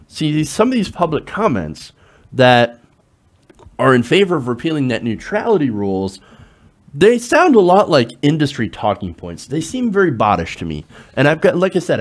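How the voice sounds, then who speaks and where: A man's voice: a little high, wildly swooping pitch, moderate pace. A man hosting political commentary, arguing with rhetorical questions and sarcastic asides. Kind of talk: direct-to-camera political commentary.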